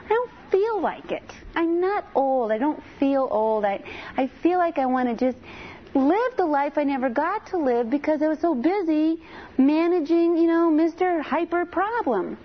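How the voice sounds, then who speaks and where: A woman voicing a shy, wistful seventy-five-year-old widow, soft and hesitant. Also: high voice, animated, moderate pace, lo-fi sound, voice pushed up. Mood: musing.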